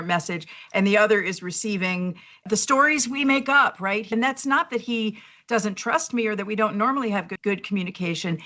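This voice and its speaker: A woman's voice: medium pitch, moderate pace, hardly any pauses, sharp tone. A woman with a mid-range voice co-hosts a leadership podcast. She talks reflectively and tells personal stories, acting out the messages she quotes. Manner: reflective, anecdotal, acts out quoted texts. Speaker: leadership coach and podcast co-host. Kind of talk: casual podcast conversation.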